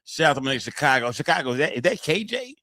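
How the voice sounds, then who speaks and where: A man rattles along at a quick clip in loose, profane slang, circling back over the same phrases as he talks to his live-stream chat. His voice sits at an ordinary pitch and sounds dry and close, with almost no room around it. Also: very animated, sharp tone, no echo. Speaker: streamer reacting to court footage. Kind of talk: casual live-stream commentary.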